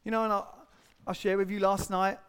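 A middle-aged man, a pastor, preaching an earnest sermon and acting out quotes and stories with lively shifts. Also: sits high, a little fast, clear, resonant tone, in a large hall. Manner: earnest, animated storytelling with acted-out quotes.

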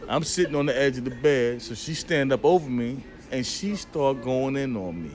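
A man's voice: mid-range voice, normal speed, hardly any pauses, a crowd in the background. A man who is a podcast guest, telling a personal story in a casual, profane way and acting out the dialogue. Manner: animated, profane, acts out dialogue.

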